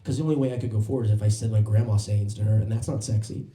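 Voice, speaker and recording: Man, stand-up set, animated storytelling, impressions, mellow, roomy club. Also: lowish voice, racing. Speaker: stand-up comedian. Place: comedy club stage.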